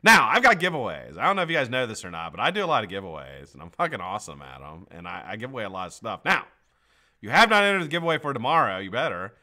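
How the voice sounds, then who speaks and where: A man with a lowish, sing-song voice talks fast in a pushed, bright way while hosting a casual livestream. His chat is loose and profane, full of jokes, swearing and frequent laughter.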